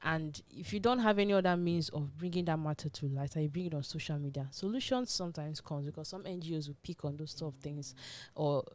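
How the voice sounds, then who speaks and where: A woman's voice: low-pitched, fast, few pauses, a little mellow. A woman hosting a radio talk show, giving her opinions in a conversational, emphatic way. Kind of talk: casual panel discussion. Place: radio studio.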